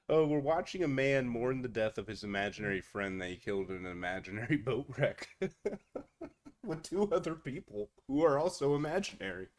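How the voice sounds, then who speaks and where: A man streaming casual reaction commentary, incredulous and often laughing in disbelief. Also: mid-range voice.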